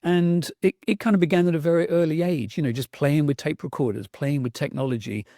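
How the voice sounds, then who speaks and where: A middle-aged man with a South London accent talks in a mellow, warm voice. He tells his stories with enthusiasm, thinks aloud and restarts his sentences as he goes. The sound is close and dry. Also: a little high, fairly even intonation, a little fast, no room sound. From England. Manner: enthusiastic, reflective storyteller with restarts. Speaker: guest, sound artist. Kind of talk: conversational podcast interview.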